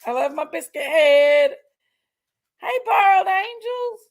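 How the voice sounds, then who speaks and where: A woman hosts a loose, rambling livestream chat, gushing over each viewer who drops in. She talks at an unhurried pace in a high voice with a gravelly edge, stretching out her exclamations. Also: lively intonation. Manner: effusive, greeting viewers one by one. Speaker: livestream host.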